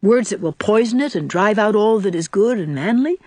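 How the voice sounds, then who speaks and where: A woman voicing a gentle, patient young woman who speaks softly and low. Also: lively intonation, normal speed, no room sound, natural voice.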